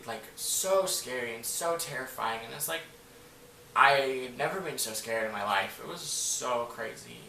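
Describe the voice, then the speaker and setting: A man tells a story to camera, rambling casually, saying "like" constantly and swearing freely. His medium-pitched voice is gravelly, pushed, and bright, with lively intonation at a normal speed. He sounds far off in an echoey room with faint noise.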